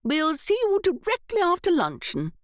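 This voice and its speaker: A woman's voice: very high-pitched, wildly swooping pitch, moderate pace, dry recording, studio quality, pitched above the performer's own voice, full character voice. A woman voicing a haughty elderly aristocratic aunt who speaks sharply and imperiously. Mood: musing.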